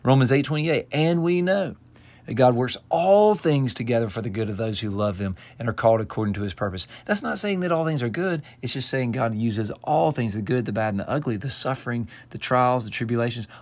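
A man's voice: mid-range voice, fairly quick, a little mellow, dry recording. A man giving devotional Bible teaching, earnest and emphatic, quoting scripture and often restarting phrases. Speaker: pastor.

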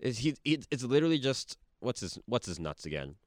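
A man chatting casually as a podcast co-host, animated and quick to jump in with questions and opinions. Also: mid-range voice, no echo, clean studio sound. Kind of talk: casual chat.

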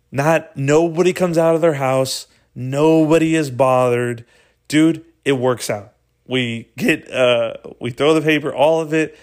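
A young man hosting a podcast, casually telling a story with lots of swearing and laughter. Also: mid-range voice. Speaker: podcast host.

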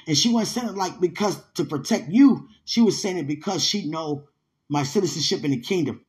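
Speaking with animation and a touch of speed, this young woman pours out an emotional, spiritual monologue to her partner in a fairly low-pitched voice. She's sincere and often near tears, alternating between loud bursts and quiet asides.

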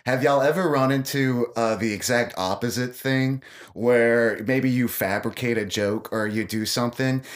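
A man hosting a comedy podcast. He keeps agreeing with his guest and cutting in with supportive comments. His voice sits mid-range. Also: medium pitch. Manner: affirming, quick to agree and laugh. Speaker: podcast host. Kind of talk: casual podcast chat.

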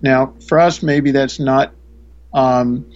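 A man's voice: medium pitch, fairly even intonation, slow, darkish tone, dull audio. A man, a spiritual teacher, earnestly telling a story in a conversation, often restarting his sentences.

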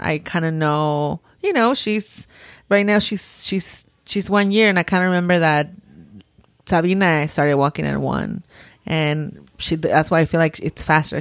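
In a dry recording with clean studio sound, a mother of three with a lowish voice rambles casually about her daughters, restarting many times and sprinkling in Spanish words.

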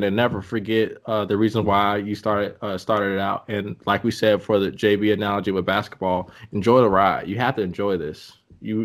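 A man hosting a casual podcast, giving reflective advice in a halting way with many ums. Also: fairly low pitch. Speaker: podcast host.

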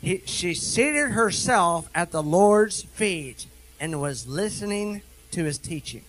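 A middle-aged man preaching a sermon as a minister, animated, darting through quick asides and slowing down to read scripture with heavy emphasis. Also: high voice, poor audio.

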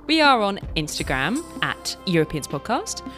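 Woman cohost, really lively up and down voice, giggly casual chat. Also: on the low side, normal speed, faint music behind. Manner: bubbly, laughs often, says like a lot. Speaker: podcast co-host.

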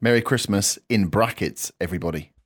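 A man playing in a casual quiz among friends, competitive and quick to protest. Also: lowish voice, husky, no room sound, clean studio sound. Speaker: quiz contestant. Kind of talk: casual chat.

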